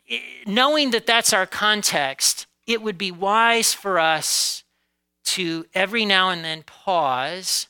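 A male pastor delivers a conversational sermon, stretching some words out slowly for emphasis and rushing through asides. His voice sits high and sounds very bright, smooth and clear. He keeps checking in with the room as he preaches. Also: rough recording. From United States. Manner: conversational preaching with frequent "okay?" and "right?" check-ins; occasional laughs, varies pace from drawn-out emphasis to quick asides.

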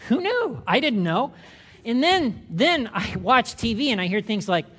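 Older male pastor, animated sermon. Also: extremely high pitch, measured pace. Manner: animated storytelling, acting out quoted voices.

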